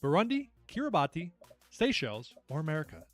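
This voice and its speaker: Lively young man hosting a trivia stream. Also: a little high, a little fast, faint music behind. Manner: chatty, animated, reads questions aloud, laughs easily. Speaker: trivia night host. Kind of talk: casual livestream quiz hosting.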